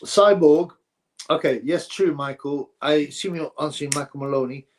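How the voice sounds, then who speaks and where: A man's voice: fairly high pitch, normal speed, slight background noise. A man hosting a boxing livestream, rambling through viewer comments and giving blunt opinions in casual chat. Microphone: streaming setup mic.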